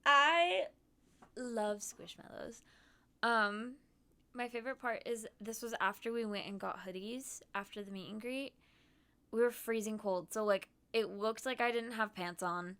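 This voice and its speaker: A woman's voice: a little high, a little slow, pushed and bright, smooth. A woman streamer chatting casually about her trip while showing photos, bubbly and giggly with lots of "um" and "like".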